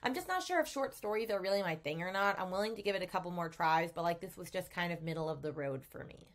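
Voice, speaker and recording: A woman vlogger chatting casually about books she read, gushing with lots of fillers and sudden animated outbursts. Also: fairly low pitch, fast. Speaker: book vlogger. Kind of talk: casual book review chat.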